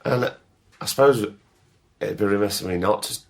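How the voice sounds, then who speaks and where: A man's voice: on the low side, moderate pace, gravelly. A man hosting a podcast, chatting conversationally and encouragingly with his guest. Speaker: podcast host. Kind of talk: casual interview chat.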